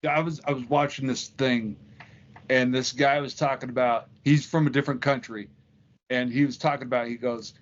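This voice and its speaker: In a dull, lo-fi recording, a man co-hosts a podcast full of casual, profane banter, joking, swearing and telling anecdotes. His mid-range voice stays steady at a moderate pace.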